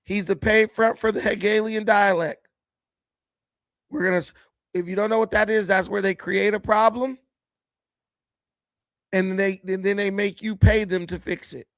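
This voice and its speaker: A high-voiced man hosting a casual political commentary show, mocking and laughing, slangy and repetitive. His voice is close and dry, without any room sound. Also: fairly even intonation, normal speed, pauses often, fairly bright tone, no echo. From United States.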